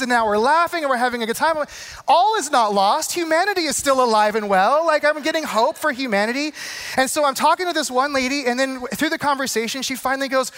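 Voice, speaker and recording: Pastor guy w a pretty high voice, chatty storytelling sermon, gets earnest. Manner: animated, self-deprecating storyteller turning earnest and slow.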